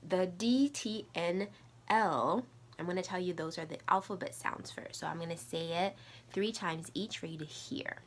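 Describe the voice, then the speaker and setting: A woman teaching a recorded language lesson, running slow repeat-after-me drills and dropping to soft, whispery asides between them. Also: lowish voice. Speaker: Mandarin teacher.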